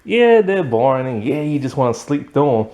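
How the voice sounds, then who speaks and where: A man's voice: medium pitch, big pitch swings, moderate pace, mellow, lo-fi sound. A man casually reviewing a cartoon episode, rambling with many "like" fillers, sleepy late at night. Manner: rambling, filler-heavy with frequent "like".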